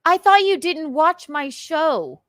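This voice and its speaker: A woman host with a transatlantic accent, ranting casually about online comments with crisp enunciation and goofy, theatrical outbursts. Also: sits high, sing-song, slow pace, a bit bright, no echo, clean studio sound. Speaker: show host.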